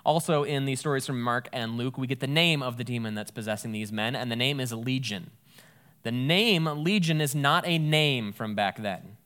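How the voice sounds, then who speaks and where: A man's voice: medium pitch, normal speed, a bit bright, smooth. A man giving a casual, conversational Bible teaching, thinking aloud and correcting himself as he goes.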